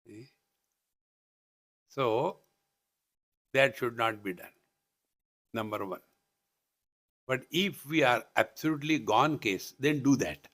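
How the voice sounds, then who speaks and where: A man's voice: medium pitch, expressive, slow pace, pauses often, a bit bright. A man with an Indian English accent giving a live spiritual discourse at a retreat, teasing and chanting as he teaches. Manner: playful, teasing asides and chanting. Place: retreat hall.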